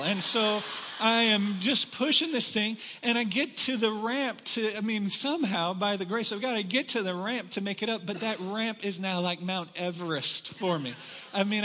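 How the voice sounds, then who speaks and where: A man's voice: sits high, pushed and bright. A middle-aged male pastor telling a story in his sermon and closing in earnest prayer, speaking in a church sanctuary. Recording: long reverb of a church hall.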